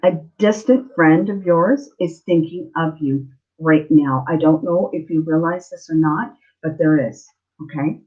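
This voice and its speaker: A woman's voice: sits low, unhurried, narrow, tinny audio. A woman giving a live online tarot reading, earnest and emotional, often checking in with the listener. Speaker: tarot reader.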